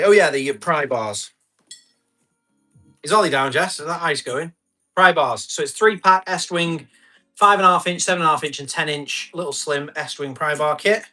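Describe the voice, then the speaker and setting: A man with a bright, forceful voice that sits a little high. He chats loosely while running a live auction, reading out numbers and comments and laughing easily. Faint music plays behind him. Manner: chatty, laughs often, reads out bids and comments. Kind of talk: casual live-stream selling chat.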